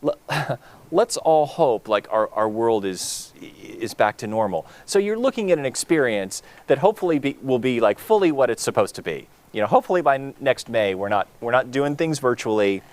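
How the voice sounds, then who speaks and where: Man, co-host, earnest, rambling, lively pitch. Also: normal speed. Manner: earnest, rambling, many fillers and restarts. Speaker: gala co-host. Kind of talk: heartfelt live co-hosting.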